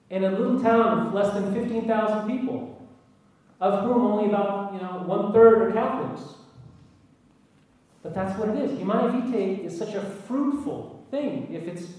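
A man with a high but darkish-toned voice gives an earnest, anecdotal talk to an audience, mixing emphatic lists with wry asides. The recording catches him from far off, each phrase echoing through a big hall.

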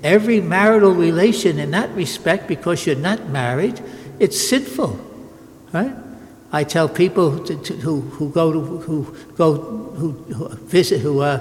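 A man's voice: fairly high pitch, big-room sound. An older man, a Catholic priest, giving an emphatic sermon with repeated phrases and frequent restarts.

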